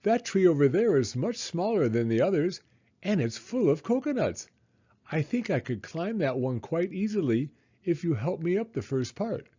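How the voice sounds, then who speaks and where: An eager young boy, as a man puts him on in a storybook, chattering excitedly in a raised, lively voice. The tone is husky, and the recording is slightly dull. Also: a little high, moderate pace, pitched above the performer's own voice.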